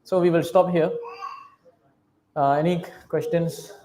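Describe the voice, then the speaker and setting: A man's voice: a little high, fairly even intonation, measured pace, noisy background. A man giving a sermon, telling a scripture story with quoted dialogue and chanting Sanskrit verses. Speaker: preacher.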